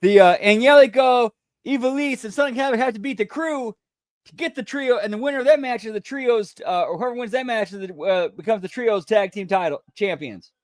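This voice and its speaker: High-voiced chatty man hosting a watch-along. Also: lively intonation, brisk, no echo, clean studio sound. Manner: chatty, rambling, with restarts. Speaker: stream host. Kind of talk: casual watch-along commentary.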